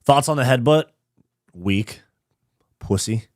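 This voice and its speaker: A man's voice: medium pitch, slow, dry recording, clean studio sound. A man from California, hosting a live fight watch party in a casual, slangy and profane way. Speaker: host.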